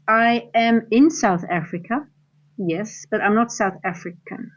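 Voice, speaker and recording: A Dutch-speaking woman from the Netherlands coaches on a live trading stream, her fairly high voice at a measured pace and the audio dull. She rambles, restarts her sentences and reads the chat aloud along the way.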